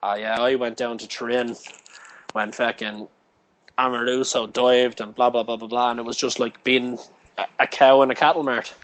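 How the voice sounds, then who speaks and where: A man's voice: mid-range voice, little pitch movement, normal speed, a bit bright, poor audio. A man chatting casually, telling long sweary stories. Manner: sweary, storytelling rambles. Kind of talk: casual chat.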